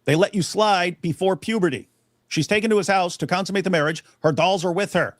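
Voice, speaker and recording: A man's voice: high voice, brisk, no echo, clean studio sound. A man hosting a call-in debate show, talking in an emphatic, exasperated way. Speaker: host.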